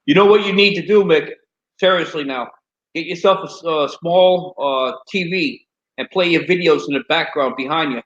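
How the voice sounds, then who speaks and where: A man's voice: on the high side, normal speed, a bit bright. A man chatting in a laid-back way as a guest calling into a live stream. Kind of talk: casual call-in chat. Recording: dull lo-fi call audio with faint noise.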